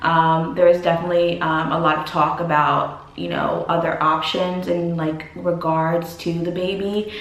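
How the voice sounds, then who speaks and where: A woman's voice: lowish voice, a little slow. A young woman telling a personal story as a vlogger, chatty and full of "like", acting out what others said. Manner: chatty, heavy use of "like", animated quoting of others. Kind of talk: casual storytime vlog. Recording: roomy echo.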